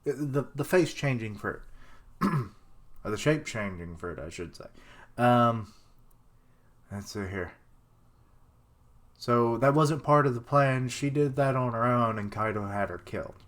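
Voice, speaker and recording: A man's voice: mid-range voice, expressive, measured pace, pauses often, fairly bright tone. A young man streaming a live reaction to a manga chapter, thinking aloud with rambling fillers and sudden outbursts. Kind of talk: live reaction, casual commentary.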